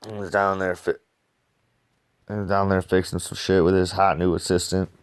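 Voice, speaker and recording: A slangy man rambling through a casual comic review, swearing often. His voice sits fairly low and sounds smooth and resonant. The sound is close and dry. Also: level tone, moderate pace, no echo. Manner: slangy, rambling, says dude a lot; swearing freely.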